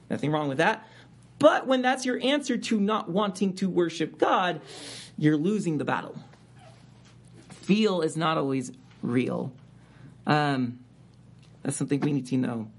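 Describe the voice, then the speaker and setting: A man preaching a sermon as a pastor, reading scripture aloud and rising in emphasis on key words. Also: sits high.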